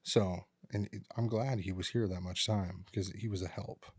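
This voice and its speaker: A man with a fairly low voice co-hosts a podcast from a studio. He chats casually and rambles through family stories, acting out his relatives' lines along the way. The sound is dry and close, with no room echo. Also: steady tone, normal speed, a little mellow, slightly rough. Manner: rambling storyteller who acts out relatives' lines. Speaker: podcast co-host. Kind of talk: casual chat.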